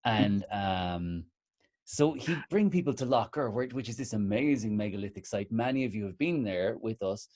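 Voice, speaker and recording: A man's voice: on the low side, lively intonation, normal speed, a little mellow. An Irish man around forty co-hosting a casual conversation, eager and full of restarts, holding things up to show the audience. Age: 40s. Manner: eager, restarts his sentences, shows things to the camera. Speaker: co-host.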